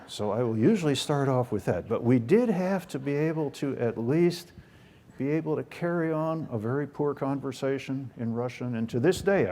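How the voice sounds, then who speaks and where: A man's voice: mid-range voice, warm tone, a little hiss or hum. Older man telling folksy stories. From United States. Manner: folksy, self-deprecating humor. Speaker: guest speaker. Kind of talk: storytelling talk.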